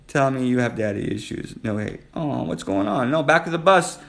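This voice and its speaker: A man's voice: medium pitch, lively intonation, normal speed, creaky, hardly any pauses, a bit bright. A man hosting a casual live stream, flirting playfully and calling out viewers by name. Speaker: livestream host reading viewer comments.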